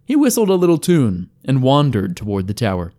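A man's voice: medium pitch, wildly swooping pitch, brisk, mellow. A man reading a fantasy story aloud as narrator, in a wry storytelling manner. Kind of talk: scripted narration.

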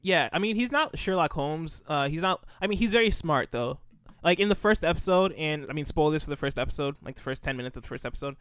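Smooth-voiced man chatting loosely. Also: fairly high pitch, lively intonation, fast talker, fairly bright tone, dry recording. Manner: rambling, restarts often, laughs easily. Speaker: co-host. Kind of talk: casual podcast chat.

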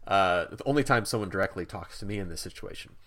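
A man co-hosting a podcast, telling a story in a casual, animated way with many asides. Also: low-pitched, fast. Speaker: podcast co-host.

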